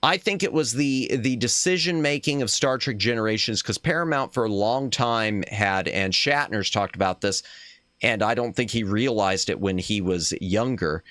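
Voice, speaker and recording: A man's voice: on the low side, moderate pace, a bit bright, no echo, studio quality. A man hosting a casual chat stream, talking in a rambling, opinionated way that trails off and restarts as he goes. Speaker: streamer host.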